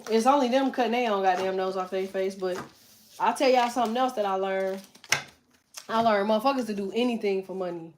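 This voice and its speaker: A woman's voice: medium pitch, fairly quick, background noise. Blunt, profane middle-aged woman streaming. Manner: blunt, profane, emphatic, talks straight to viewers. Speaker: tarot reader and livestream host. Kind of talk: casual livestream chat.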